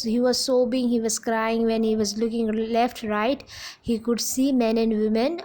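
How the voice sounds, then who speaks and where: A young woman teacher with an Indian English accent, retelling a story to her class in a halting way, often stopping to check in with "okay?". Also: a little high, a little mellow, rough recording.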